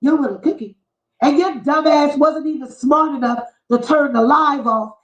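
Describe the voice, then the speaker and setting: High-pitched woman in a profane rant. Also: moderate pace. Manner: profane, heated, mocking rant. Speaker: vlogger. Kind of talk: ranting commentary vlog. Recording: echoey, dull lo-fi room sound.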